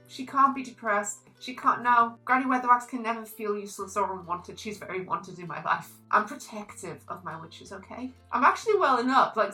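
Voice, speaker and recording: A young woman reviewing a book in a casual, animated vlog, gushing about characters and reading quotes aloud. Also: a little high, low-quality recording.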